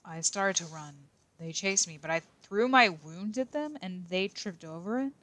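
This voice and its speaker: A woman's voice: lowish voice, expressive, normal speed, a bit bright, no room sound. A woman voicing a shy teenage boy detective, reading a fan story aloud on a livestream with stumbles, restarts and weary asides. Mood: reluctant reading. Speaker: voice actor on a livestream.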